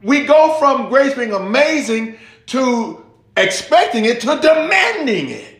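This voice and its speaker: Speaking at a measured pace in an extremely high voice, a man delivers a sermon, bringing a story to life by acting out the quoted voices of the people in it. The recording is reverberant.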